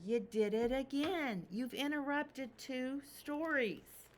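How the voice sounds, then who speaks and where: Woman doing a patient, gentle papa chicken. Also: sits high, slight background noise. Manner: calm, patient, measured. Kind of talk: picture book read-aloud.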